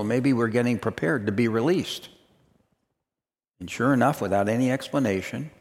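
A man's voice: lowish voice, vocal fry, darkish tone. A man preaching a sermon, telling a story and then building to emphatic, repeated declarations. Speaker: pastor. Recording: reverberant hall.

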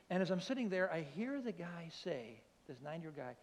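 An older man preaching in a church, telling a comic story with lively acted-out voices. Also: sits high, very fast. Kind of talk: storytelling sermon. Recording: long hall reverb.

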